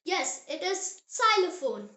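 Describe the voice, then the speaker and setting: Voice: very high voice, big pitch swings, takes it slowly, bright, forceful tone. Child host for a language lesson; upbeat and encouraging, leisurely pace, roomy sound. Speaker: language teacher, channel host. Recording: roomy echo.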